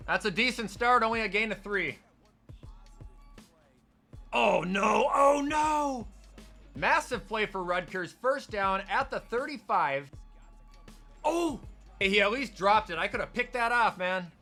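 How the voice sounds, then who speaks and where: Man, gaming play-by-play, sportscaster style, very high voice, bright forceful tone. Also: normal speed, faint music behind. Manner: excitable sportscaster, bursts into shouts on big plays. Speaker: gaming content creator. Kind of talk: mock play-by-play commentary over a video game.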